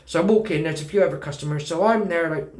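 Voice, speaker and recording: A British man talks fast through a personal story in casual conversation, animatedly voicing the dialogue and swearing freely. His voice is a little high, and the space sounds reverberant.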